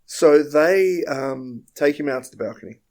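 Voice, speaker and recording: A man, co-hosting a comedy podcast and narrating an improvised story with wry, deadpan humor. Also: a little high, moderate pace. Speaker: podcast co-host.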